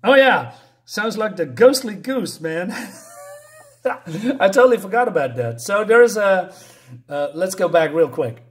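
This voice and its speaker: A man's voice: high-pitched, lively intonation, a little slow, long pauses. A man casually recapping a comic book, rambling and chuckling, with plenty of "so, um, right?".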